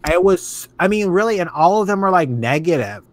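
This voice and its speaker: A man's voice: high voice, expressive, brisk. A man co-hosting a casual podcast chat, ranting animatedly and swearing freely. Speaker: podcast co-host.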